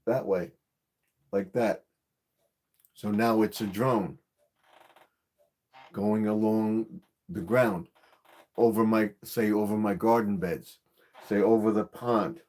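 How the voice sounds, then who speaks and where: A man's voice: lowish voice, fairly even intonation, slow pace, pauses often, a little mellow. A man hosting a gardening channel's live stream, explaining equipment in a casual, repetitive way with many fillers.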